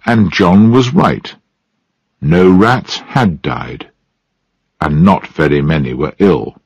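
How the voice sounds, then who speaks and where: A man narrating a story slowly and deliberately for language learners. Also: low voice, dry recording, highs cut off. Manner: clear, deliberate phrasing. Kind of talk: slow storybook reading for learners.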